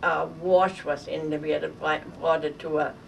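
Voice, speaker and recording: Older woman, low voice, halting vivid storytelling, distant mic, faint background hiss. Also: steady tone, vocal fry. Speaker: interviewee. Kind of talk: oral history recollection.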